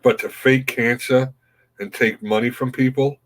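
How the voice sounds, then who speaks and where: A man's voice: mid-range voice, fairly even intonation, measured pace, a bit bright, poor audio. A man hosting a morning livestream, chatting casually and greeting viewers by name. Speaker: livestream host. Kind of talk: casual chat reading viewer comments.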